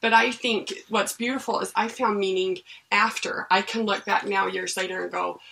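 A woman's voice: mid-range voice, normal speed, gravelly, rough recording. A woman co-hosting a casual chat, telling her story animatedly and acting out what she said back then. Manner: animated, acts out quoted reactions.

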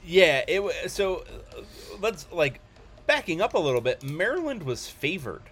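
A man's voice: a little high, big pitch swings, moderate pace, fairly bright tone. A man hosting a casual sports podcast, talking loosely with lots of ums and restarts. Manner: hesitant, many ums and restarts.

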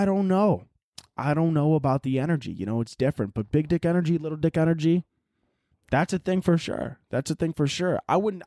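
A man's voice: medium pitch, darkish tone, no echo. Young guy swearing a lot, rambling jokes on his solo podcast, medium voice, dry sound. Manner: profane, rambling, jokey. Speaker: podcast host. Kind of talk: casual solo podcast chat.

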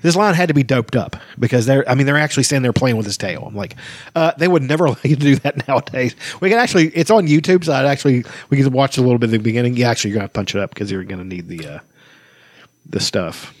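A man's voice: mid-range voice, fast talker, no echo, studio quality. A middle-aged man co-hosting a podcast, chatting casually and enthusiastically with lots of swearing. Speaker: podcast co-host. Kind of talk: casual chat.

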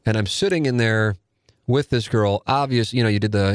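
A man's voice: lowish voice, brisk, vocal fry, dry recording, clean studio sound. A man in his forties, a podcast host, telling a rambling, self-deprecating and profane story in casual talk.

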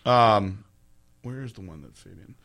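A young man hosting a casual podcast chat, talking in an animated, loose way and swearing freely. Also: on the low side, measured pace. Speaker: podcast host.

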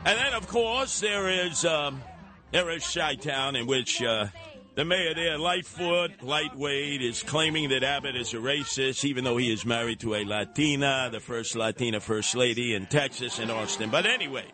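An older man hosting a talk radio show, animated and sarcastic, slipping into voices to mock people. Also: mid-range voice, normal speed. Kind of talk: opinionated talk radio monologue.

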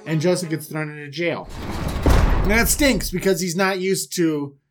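A man's voice: a little high, normal speed, over music. A man comically retelling a Bible story on a podcast, slipping into silly voices. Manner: animated, puts on silly voices for characters.

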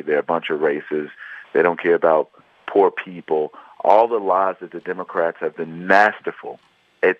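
A man's voice: low-pitched, dry recording. A man from Chicago, a guest author, telling his life story earnestly in an interview. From Chicago, USA. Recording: tinny phone line.

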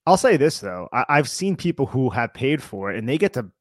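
A man of middle pitch on a sports podcast, methodically breaking down plays with technical football terms. His voice is recorded close and dry, with no room sound. He talks in a casual yet analytical way. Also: sing-song, brisk, no room sound. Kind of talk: casual podcast chat and detailed film breakdown.

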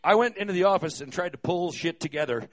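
A man's voice: high voice, lively intonation, quick pace. A man, a concert venue manager, telling a live stage story in a wry, profane way, hesitating often with fillers.

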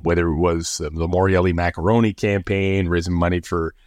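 A low-pitched, middle-aged man from Canada tells a story as an interview guest. He talks like a former pro athlete looking back, and he animates the voices he quotes. The sound is close and dry, with no room around it. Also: moderate pace, dry recording. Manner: animated, acts out quoted voices when recounting.

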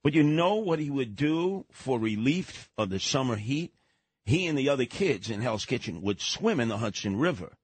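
An older man, co-hosting a radio talk show and telling stories with animated voices. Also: mid-range voice, normal speed, husky. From New York. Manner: storytelling, animated voices in quotes. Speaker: radio co-host.

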